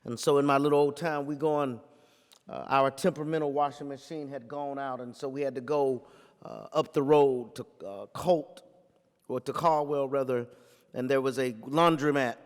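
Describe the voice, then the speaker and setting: A man, a pastor, giving a talk full of storytelling in a preaching cadence, repeating phrases and building to forceful peaks. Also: mid-range voice, steady tone, normal speed, in a large hall.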